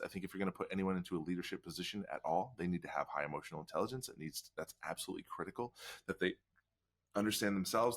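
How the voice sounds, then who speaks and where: Male guest expert, very low voice, quick delivery, energetic interview explainer. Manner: energetic, talks in long explaining runs with frequent "like" and "right?". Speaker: guest expert on workplace culture.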